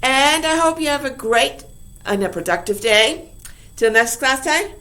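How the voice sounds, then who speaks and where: A woman teacher reviewing a lesson for her class, upbeat and emphatic, full of rhetorical questions and quick "okay?" checks. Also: high-pitched, lively intonation, fairly bright tone. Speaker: high school English teacher.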